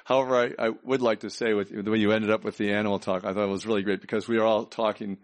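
A man moderating a public event, giving polite, halting closing remarks. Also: lowish voice, little pitch movement.

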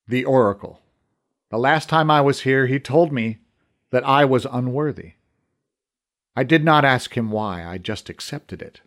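A man voicing an old, troubled archer who speaks slowly, in a low and halting way. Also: fairly bright tone, natural voice. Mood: brooding. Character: old troubled male archer, gruff and brooding.

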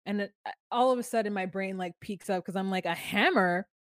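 A woman's voice: mid-range voice, brisk, no echo, studio quality. A woman co-hosting a podcast, recapping a reality show in casual, joking chat. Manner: chatty, joking, sings silly made-up lyrics. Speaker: podcast co-host.

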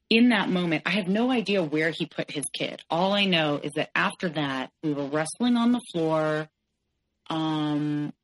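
Woman w a low voice, podcast guest telling her own story, candid, lots of "like" and restarts. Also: a bit bright, low-quality recording. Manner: frank, halting, with many "like"s and self-corrections.

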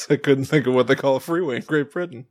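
A man co-hosting a podcast in casual chat, jokey and quick to laugh. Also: medium pitch, a little mellow. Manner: jokey, breaks into silly funny voices and laughs. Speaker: podcast co-host.

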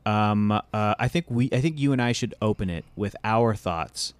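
A young adult man hosting a podcast in casual, halting chat with frequent restarts. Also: fairly low pitch, lively intonation, clean tone, dry recording. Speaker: podcast host.

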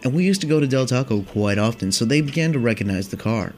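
A man's voice: medium pitch, animated, quick pace, a little hiss or hum. A man in his twenties telling a long casual story, rambling and swearing with many fillers. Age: 20s. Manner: rambling, profane, filler-heavy with constant "like" and "dude". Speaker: vlogger.

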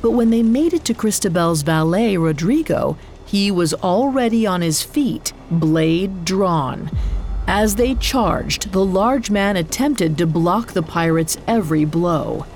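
A woman hosting a podcast, narrating a dramatic story in a measured, scripted way. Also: on the low side, animated, darkish tone, soft background music.

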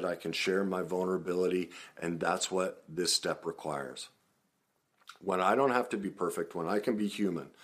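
Animated man with a low voice. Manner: animated, laughing, acts out quoted comments; calm, earnest, reflective. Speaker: podcast host and emotional recovery coach. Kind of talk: casual monologue.

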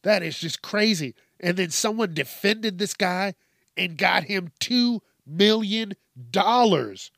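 A man's voice: sits high, expressive, slow, vocal fry, a bit bright, no room sound, clean studio sound. A man hosting a podcast who reads out news stories and reacts with outraged, profanity-heavy commentary and emphatic repetition.

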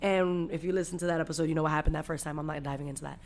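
A young woman with a low voice talks very fast on her podcast, recounting a story with plenty of profanity in an energetic, chatty way.

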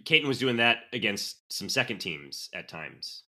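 Animated man breaking down game stats. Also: lowish voice, moderate pace. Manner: animated, stat-heavy, blunt. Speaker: podcast co-host. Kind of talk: casual sports chat.

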